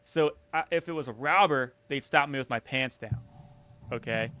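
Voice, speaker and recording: A man's voice: medium pitch, normal speed, sharp tone, smooth. A young man co-hosting a podcast, joking in casual chat and acting out little scenes. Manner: joking, acts out scenes in big put-on voices. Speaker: podcast co-host.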